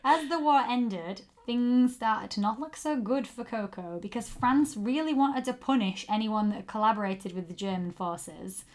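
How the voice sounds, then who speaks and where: A woman's voice: on the high side, moderate pace, few pauses. A woman co-hosting a podcast, telling a story in casual chat with giggly asides. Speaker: podcast co-host.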